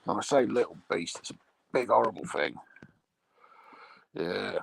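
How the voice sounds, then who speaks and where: A man's voice: on the low side, expressive, unhurried, vocal fry, pauses often, husky, low-quality recording. A man rambling through crude comic chat, bawdy and meandering, chuckling at his own jokes. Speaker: comic monologue host.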